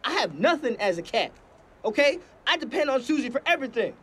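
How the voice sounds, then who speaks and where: A man's voice: very high-pitched, very animated, quick pace, sharp tone, breathy edge, full character voice. A man playing a cocky, taunting male house cat who meows to win back his owner and threatens a rival in an indie comedy short. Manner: cocky, taunting, mock meowing.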